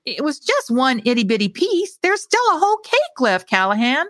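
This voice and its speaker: Brassy screechy gal read by a woman — high, indignant, storybook mystery. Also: very animated, normal speed, a bit bright, no echo, studio quality. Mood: whiny. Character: shrill brassy young woman cleaner, Neva Jean.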